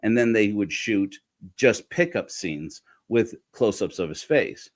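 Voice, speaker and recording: A man with a lowish voice tells a story in a casual, meandering way. He restarts sentences and corrects himself as he goes. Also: lively intonation, a little slow. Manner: rambling, frequent restarts and self-corrections. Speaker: speaker giving a talk.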